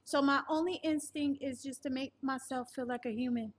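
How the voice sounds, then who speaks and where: High-voiced woman giving earnest testimony. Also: fairly even intonation, a little fast. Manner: earnest storytelling that acts out others' words. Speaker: guest sharing a survival testimony. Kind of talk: personal testimony interview.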